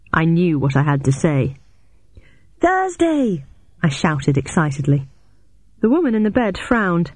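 A woman narrating a novel in the first person, in a measured storytelling way. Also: dry recording. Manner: measured storytelling, raises pitch sharply for shouted dialogue. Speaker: audiobook narrator.

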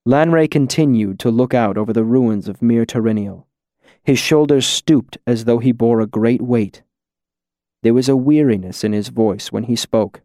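A man narrating a fantasy story as an audiobook, in a measured, even storytelling manner. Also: medium pitch, no room sound, clean studio sound.

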